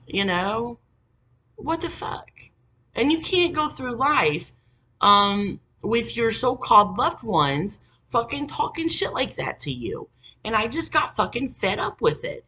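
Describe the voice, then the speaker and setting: A woman with a slightly high, husky, sharp-toned voice speaks slowly, her pitch swinging widely. Facing the camera, she rants about a family story, exasperated, sarcastic and swearing heavily.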